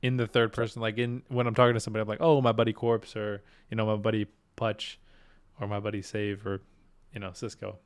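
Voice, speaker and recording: A man's voice: on the low side, level tone, fast talker, smooth. Laid-back man chatting and laughing. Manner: laughs often, swears casually, trails off mid-sentence. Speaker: podcast co-host. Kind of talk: casual chat.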